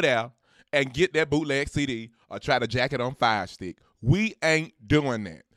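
A man from Georgia, hosting a podcast and making an excited announcement to his listeners with preacher-like calls to action. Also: medium pitch, unhurried, no echo, clean studio sound. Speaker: podcast host.

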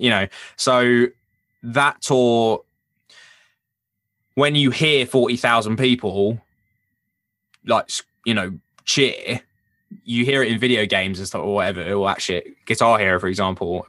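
Here a touring rock drummer chats casually in an interview, his medium-pitched voice free of echo. Animated and foul-mouthed, he acts out quotes as he tells his stories.

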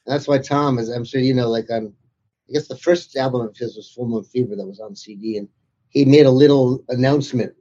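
A man being interviewed about his book tells amused, anecdotal stories. His voice is husky and mellow, and the recording sounds dull and lo-fi. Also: medium pitch, a little fast. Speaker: author and interviewer guest. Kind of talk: casual interview chat.

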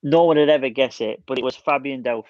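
Eager to share his stories, a man co-hosting a casual football podcast talks at a medium pitch and keeps restarting what he's saying. The audio is dull and dry with no room sound.

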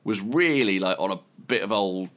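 A man's voice: on the low side, expressive, normal speed, a bit bright. A man co-hosting a podcast, musing and digressing in casual chat about music. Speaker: podcast co-host.

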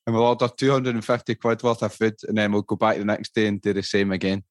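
A man hosting a podcast, chatty and joking in quick banter. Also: lowish voice, level tone, dry recording, clean studio sound. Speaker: podcast host. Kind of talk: casual chat.

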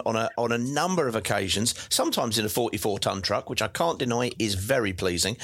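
A man hosting a fan call-in chat, calm and reassuring as he takes callers. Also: on the low side. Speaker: host.

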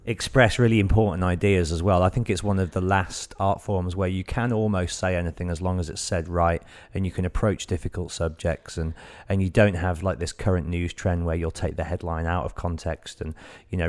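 Deep-voiced earnest podcast host. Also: male voice, fairly even intonation, brisk, darkish tone. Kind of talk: casual podcast chat.

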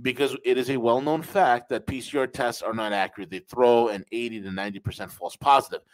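A man's voice: mid-range voice, fairly even intonation, fairly quick, rough recording. A man hosting a podcast, giving opinionated commentary with emphatic repetition and calling listeners folks. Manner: emphatic, repeats phrases, addresses listeners as folks. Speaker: podcast host.

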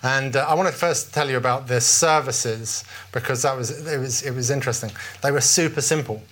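A man's voice: medium pitch, fairly quick, a bit bright. British man preaching, chatty storytelling. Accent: British English. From Britain. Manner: conversational, storytelling with frequent restarts. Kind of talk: informal sermon.

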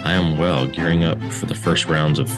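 A man's voice: very deep voice, over music. A man hosting a book podcast, talking casually with many fillers and restarts. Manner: relaxed, halting with fillers. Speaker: podcast host.

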